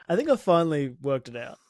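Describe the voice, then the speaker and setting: A podcast co-host chats casually, laughing easily and telling self-mocking stories about himself. His voice is fairly high with a darkish tone, captured in a dry, studio-quality recording.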